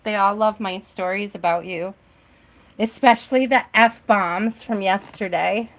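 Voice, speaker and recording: A woman's voice: mid-range voice, a little slow, a bit bright. A middle-aged woman hosting a live tarot stream from home, chatting casually and reassuringly and often checking in with "right?".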